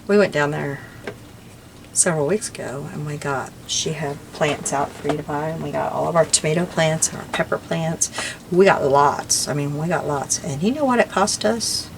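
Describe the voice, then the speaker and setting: An older woman with a lowish voice chats as she crafts, wandering from one story to the next. Her talk is relaxed and homey, with soft laughs. A faint hiss of noise sits under the recording. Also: moderate pace, gravelly. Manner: chatty, rambling, warm little laughs. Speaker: crafting vlogger. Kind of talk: casual chat while crafting.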